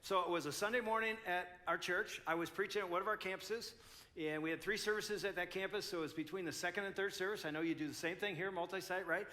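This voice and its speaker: A man's voice: sits high, steady tone, fast talker, pushed and bright. An older man in his sixties, a pastor speaking at a couples conference, telling a story animatedly and acting out both sides.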